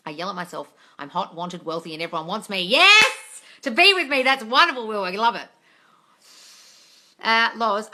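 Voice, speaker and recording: A woman's voice: fairly low pitch, bright, forceful tone. A woman, hosting a casual live Q&A on manifesting, blunt and swearing freely, calling viewers darling. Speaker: manifestation coach answering live chat questions. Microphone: phone or webcam, live stream.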